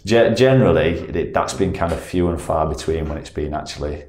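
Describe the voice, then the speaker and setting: A man's voice: rumbling low, a little fast. A man, a footballer guest, telling an anecdote casually, rambling and self-correcting as he goes. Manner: rambling, self-correcting, animated when retelling. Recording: echoey room, faint background noise.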